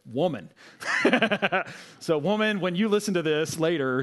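A man giving a casual sermon to a live audience, retelling scripture in a chatty, animated way with asides. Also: mid-range voice. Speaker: preacher.

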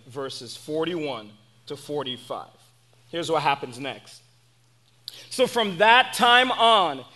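Man, preacher, sermon, casual storytelling, earnest, high voice. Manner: animated storyteller, acts out the characters; earnest, direct address to the audience.

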